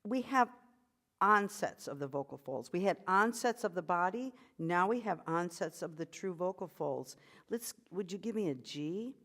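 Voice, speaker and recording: A woman's voice: fairly low pitch, animated, moderate pace, a bit bright. A woman vocal coach leading a voice workshop. She encourages the group and demonstrates sounds and short sung phrases for them to copy.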